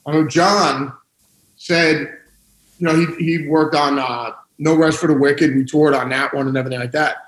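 A man's voice: a little high, moderate pace. Laughing man with a roomy echo. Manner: laughing storyteller, animated. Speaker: guest musician. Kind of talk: casual interview chat.

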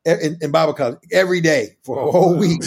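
A man co-hosting a church podcast, telling funny stories in an animated, laughing way. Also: fast, a little hiss or hum. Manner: animated, bursts into high laughing shouts. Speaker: podcast co-host, pastor. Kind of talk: casual storytelling chat.

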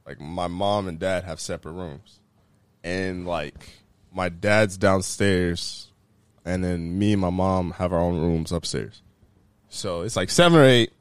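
A man's voice: low-pitched, clean tone, no echo. A young man telling a story in casual chat with friends, profane and laughing as he acts out the people in it. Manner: animated, profane, laughing while acting out quotes.

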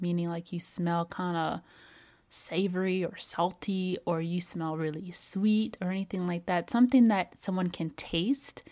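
A woman podcast host giving steady, coaching advice in a calm, measured way. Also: medium pitch. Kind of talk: advice talk on voice and attraction.

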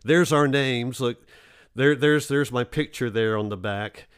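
A man's voice: mid-range voice, unhurried, smooth, no room sound, clean studio sound. A man, an actor telling stories in a casual interview, rambling with many restarts and fillers.

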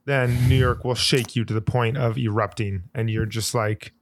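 A man's voice: medium pitch, fairly even intonation, normal speed. A man co-hosting a podcast, animatedly recapping scenes in casual chat. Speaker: podcast co-host.

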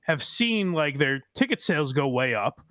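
A man's voice: on the high side, very animated, moderate pace, over a noisy crowd. A man co-hosting a comedy podcast, giving blunt, profane commentary in casual chat. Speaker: podcast co-host.

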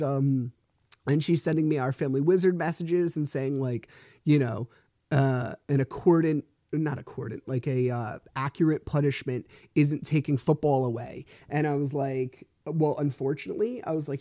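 Profane, frustrated man with a mellow voice. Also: mid-range voice, moderate pace, dry recording, studio quality. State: sore back. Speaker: podcast host. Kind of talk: solo podcast monologue. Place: lying in bed at home.

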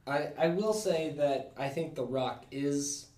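A man co-hosting a casual movie chat, talking in a deliberate, opinionated way. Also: a little high, dark tone, echoey room. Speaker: podcast co-host.

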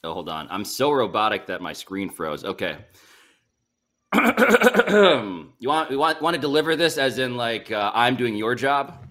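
A man leading a casual sports chat with a bright, edgy voice. His pitch swings widely as he rambles and pokes fun at himself. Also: lively intonation, unhurried. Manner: self-deprecating, rambling with restarts. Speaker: podcast host.

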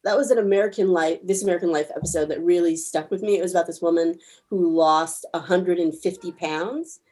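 A woman's voice: on the low side, fairly quick, mellow. A woman in casual conversation, mostly listening with short affirmations and then retelling a story she heard. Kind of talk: casual podcast chat.

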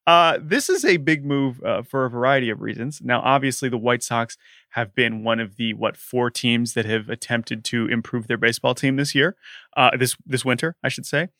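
A man co-hosting a casual sports podcast, animated and quick to act out mock quotes. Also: medium pitch, dry recording, studio quality. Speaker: podcast co-host.

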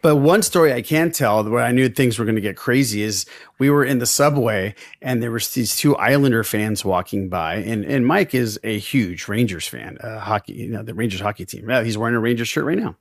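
Man, podcast host, friendly banter, middle pitch, dry sound. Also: a little fast, no echo. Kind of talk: casual chat.

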